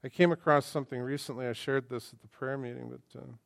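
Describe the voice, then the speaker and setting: A middle-aged male pastor preaching an animated sermon, acting out quoted voices and swinging between loud and hushed delivery. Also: mid-range voice, quick pace, gravelly, dry recording, studio quality.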